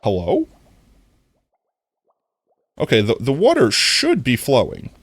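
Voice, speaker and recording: A man's voice: medium pitch, wildly swooping pitch, slow pace, husky, dry recording. A man streaming a game, chatting casually with his viewers, with a somewhat nasal voice. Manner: chatty, talks to viewers while playing. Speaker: livestreamer.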